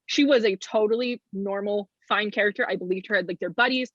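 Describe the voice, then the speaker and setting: A young woman hosting a casual movie review chat, animated and sarcastic. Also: medium pitch, fairly quick, no echo. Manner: animated, sarcastic, acts out characters' lines. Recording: dull lo-fi recording.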